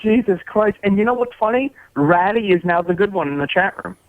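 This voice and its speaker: A man's voice: high-pitched, lively intonation, fairly quick, no room sound. A male caller on a call-in show, exasperated and stammering as he talks. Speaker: caller, chat room owner. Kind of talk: phone call-in. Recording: tinny phone line.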